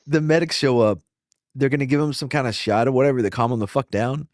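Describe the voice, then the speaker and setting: A man casually telling profane, animated stories and acting out the quotes, as a podcast host. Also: mid-range voice, fast, no echo, studio quality. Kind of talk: casual storytelling.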